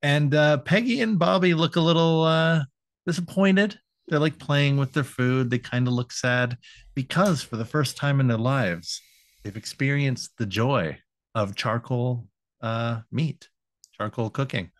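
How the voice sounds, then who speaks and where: A man's voice: medium pitch, no room sound, studio quality. A man co-hosting a casual podcast, recapping an episode with frequent uhs and ums, often laughing. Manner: hesitant, lots of uh and um, quick to laugh. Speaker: podcast co-host.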